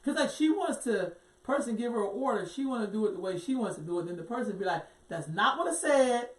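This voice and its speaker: A middle-aged woman co-hosts a casual talk show. She tells stories with animated, acted-out quotes. Her voice sounds distant and roomy. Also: medium pitch, fast talker. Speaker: co-host. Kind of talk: casual chat. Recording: echoey room, distant mic.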